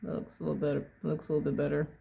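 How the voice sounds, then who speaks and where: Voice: medium pitch, completely flat delivery, racing, vocal fry, husky, dull audio. A painting instructor casually talking through each brushstroke at a desk, thinking aloud and correcting themself as they go. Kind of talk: casual step-by-step painting demo. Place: at a home desk.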